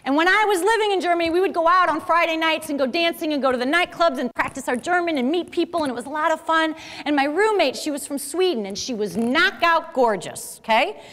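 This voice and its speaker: A middle-aged woman with a high, lively voice tells a personal story to an audience. Her talk is conversational and animated. The sound rings with the long reverb of a large hall. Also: quick pace, few pauses. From American Midwest. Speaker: speaker.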